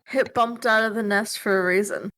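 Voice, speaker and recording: A woman's voice: medium pitch, steady tone, normal speed, a bit bright. A woman co-hosting a podcast in casual chat, chiming in with brief reactions and laughing along. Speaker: podcast co-host.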